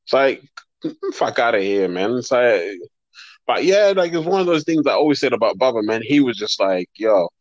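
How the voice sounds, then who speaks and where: A man's voice: mid-range voice, expressive, moderate pace, dry recording, muffled recording. A young man, talking emphatically in slangy casual chat as a podcast co-host.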